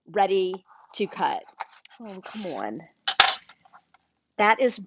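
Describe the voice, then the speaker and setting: A woman hosts a live cooking demo from her kitchen, talking to her viewers in a chatty, enthusiastic way at an unhurried pace. The livestream audio sounds dull and dry, with no room echo. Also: mid-range voice. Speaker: cooking show host. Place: home-style kitchen. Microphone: livestream camera mic.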